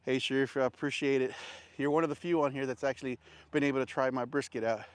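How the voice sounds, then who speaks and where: A man's voice: mid-range voice, steady tone, fast talker, clear, resonant tone, no room sound. Breathless man livestreaming on a walk. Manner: talks while walking, panting. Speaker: barbecue vendor livestreaming. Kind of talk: casual livestream chat. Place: outdoors on a walk.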